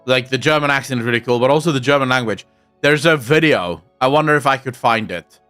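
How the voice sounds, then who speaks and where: Faint music plays behind this man's quick, pushed and bright mid-range voice, which has a clean tone. An Afrikaans-speaking South African, he answers live-stream viewers' comments in English with his native accent, casual and full of profanity.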